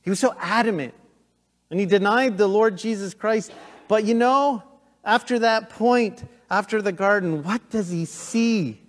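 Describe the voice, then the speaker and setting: A middle-aged pastor delivers a sermon with a fairly high voice and an unhurried, deliberate pace. He moves between loud, urgent emphasis and hushed, intense moments. His voice rings out with a long reverb, as in a church sanctuary.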